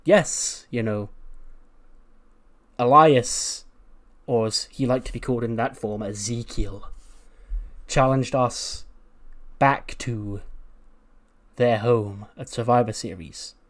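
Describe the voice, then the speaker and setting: A man playing a calm, serious male wrestler leading his group, measured and a bit low-key. The voice stays close to his everyday middle pitch. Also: lightly acted.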